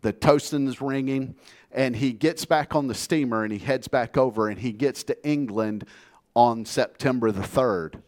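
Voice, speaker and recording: An American pastor preaches from the pulpit in an earnest, plainspoken manner. He tells his story steadily, with a voice of ordinary pitch for a man. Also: normal speed, darkish tone. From United States. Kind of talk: sermon.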